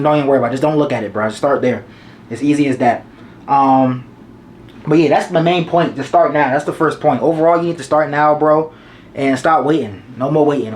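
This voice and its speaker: A young man in his twenties talks straight to the camera in a loose, slangy advice monologue and hammers his points home by repeating them. His voice sits at an everyday middle pitch. A faint hum of room ambience stays under him. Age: 20s. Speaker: vlogger giving advice.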